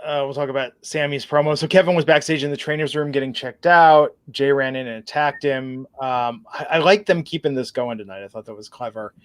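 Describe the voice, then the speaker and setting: Man, slightly high voice, podcast host, chatty, lots of fillers. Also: smooth. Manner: chatty, reads listener comments, hedging fillers. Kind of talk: casual wrestling review chat.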